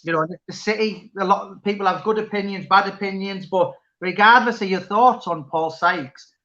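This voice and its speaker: A man's voice: high voice, normal speed, sharp tone, highs cut off. A man chatting casually as interviewer, rambling with many restarts. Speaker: interviewer and author. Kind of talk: casual chat.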